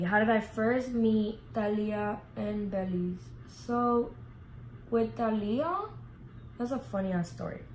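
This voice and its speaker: A woman's voice: mid-range voice, slight background noise, rough recording. A young woman vlogger telling a casual storytime, full of fillers and swearing. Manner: animated, heavy filler words, swears freely.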